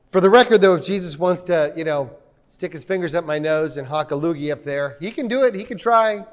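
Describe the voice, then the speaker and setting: A man's voice: on the high side, lively intonation, normal speed. A man preaching a sermon in a church, conversational and joking with the congregation. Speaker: pastor.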